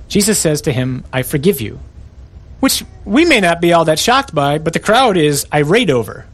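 Emphatic preacher man, fairly high voice. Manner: emphatic, rhetorical questions to the listeners. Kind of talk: sermon.

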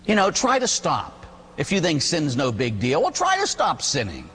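Animated preaching priest in a big hall. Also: male voice, fairly high pitch, moderate pace, husky. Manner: animated, emphatic preaching with storytelling. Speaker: Catholic priest. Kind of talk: sermon.

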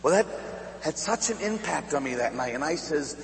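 A man's voice: a little high, moderate pace, creaky. A middle-aged man from Pittsburgh, a Catholic priest telling stories in a sermon, laughing often and asking the crowd "huh?". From Pittsburgh, USA. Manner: animated storyteller who laughs and asks the crowd "huh?". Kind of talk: storytelling sermon. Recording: echoey hall with faint hum.

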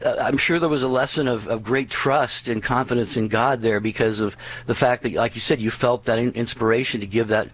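A man hosting a radio interview, reflecting on a guest's story in a thoughtful, halting way. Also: mid-range voice, steady tone, no echo. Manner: reflective, with fillers. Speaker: host.

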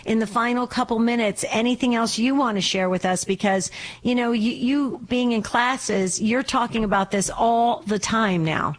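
A woman hosting a call-in radio show, gentle and reassuring, who often restarts her phrases. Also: fairly high pitch, normal speed, slight background noise.

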